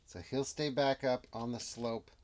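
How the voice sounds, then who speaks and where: A man's voice: mid-range voice, fairly even intonation, a little slow. A man playing a tabletop game by himself, narrating casually and thinking aloud, now and then muttering asides under his breath. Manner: muses aloud, drops into muttered whispered asides. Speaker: solo tabletop game player.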